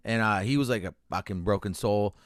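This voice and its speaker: A man's voice: on the low side, brisk, no room sound. A Canadian man telling a personal story on a radio show, his voice open and emotional, with frequent swearing and broken-off restarts. He sounds close and dry, with no room around him. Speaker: comedian guest. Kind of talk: candid interview storytelling. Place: radio studio.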